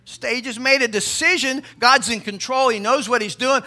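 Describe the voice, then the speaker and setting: Emphatic preacher with a bright, high voice. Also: male voice, moderate pace. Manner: animated and emphatic, with rhetorical questions to the congregation. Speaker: pastor. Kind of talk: sermon.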